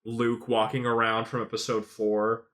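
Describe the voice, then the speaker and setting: A tipsy man co-hosting a podcast, giving a sarcastic, swear-filled film review and mocking the characters in quick put-on voices. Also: medium pitch, monotone, fairly bright tone. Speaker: podcast co-host. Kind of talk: casual film review chat.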